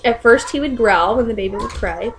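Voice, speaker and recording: A young mother chats casually from home, rambling along with plenty of ums. Her voice sits slightly high for a woman. A faint hiss stays in the background. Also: animated, a little fast. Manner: chatty and rambling, with many "um"s. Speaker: mother and vlogger. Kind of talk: casual chat.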